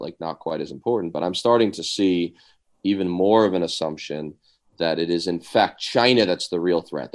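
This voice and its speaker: A man's voice: sits low, darkish tone. A man in his forties, a podcast co-host and Army veteran, talking things through in a casual discussion, with lots of "like" and "um". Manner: thoughtful, many fillers like "like" and "um".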